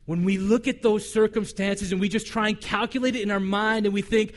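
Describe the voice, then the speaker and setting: A male pastor preaching a sermon in a conversational, humorous way, animated and acting out the voices he quotes. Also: high-pitched, a little fast, few pauses.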